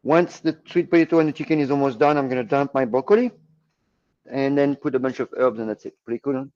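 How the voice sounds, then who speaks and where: French-accented chef, dull lo-fi sound. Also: male voice, mid-range voice, fast talker, darkish tone. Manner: chatty, explains steps plainly with many fillers. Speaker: chef and co-host. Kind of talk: casual cooking chat.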